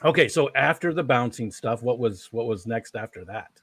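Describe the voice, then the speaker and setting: A man's voice: medium pitch, lively intonation, moderate pace, a bit bright, no room sound, clean studio sound. A man hosting a casual interview stream, rambling and chuckling as he talks. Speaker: stream host.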